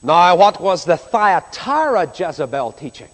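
A man preaching a sermon, emphatic, swinging between loud and hushed delivery. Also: high voice, sing-song, a little slow, big-room sound, low-quality recording.

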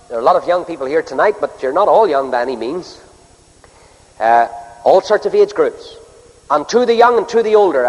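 Preacher in a reverberant hall. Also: male voice. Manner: emphatic, measured delivery with sharp rises in pitch. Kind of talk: evangelistic sermon. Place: church pulpit.

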